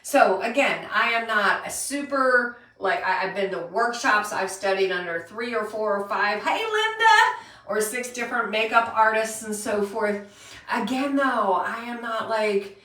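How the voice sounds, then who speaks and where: A woman's voice: mid-range voice, unhurried, pushed and bright. Woman, chatty live makeup tutorial host, a bit distant from the mic, echoey room. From Pennsylvania. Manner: chatty, greets viewers by name. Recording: roomy echo, voice a bit far from mic.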